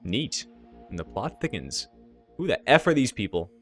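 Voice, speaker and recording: A man's voice: medium pitch, sing-song, normal speed, soft background music. A man playing through a game and voicing its text, with wry, joking asides. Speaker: let's play narrator. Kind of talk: voiced game playthrough.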